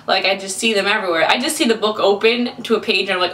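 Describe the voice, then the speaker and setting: Excitable young woman vlogging in an echoey room. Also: mid-range voice, fast talker, few pauses. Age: 20s. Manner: excitable and animated, acting out her own reactions. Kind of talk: casual storytelling vlog.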